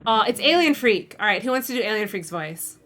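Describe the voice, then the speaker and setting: A woman's voice: mid-range voice, lively intonation, fairly quick, a bit bright, soft background music. A woman streaming a game, playfully reading out options and chat messages and laughing often. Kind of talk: casual livestream game narration.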